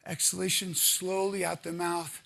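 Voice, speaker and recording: A man leading a live audience through stretching and partner exercises, coaching energetically and counting out loud. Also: sits high, level tone, normal speed, creaky. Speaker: exercise instructor. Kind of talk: live workshop exercise instruction. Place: conference room with audience.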